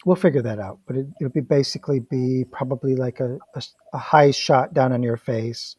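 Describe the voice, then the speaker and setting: A man's voice: medium pitch, brisk, darkish tone, breathy edge, no echo, poor audio. A man directing a casual production meeting over a video call, explaining plans in an easygoing, reassuring way.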